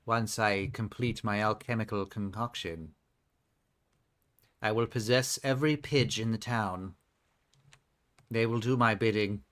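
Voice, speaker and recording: A man's voice: on the low side, measured pace, long pauses, a bit bright. A man voicing a jealous, scheming witch in a melodramatic villain monologue. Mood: gloating.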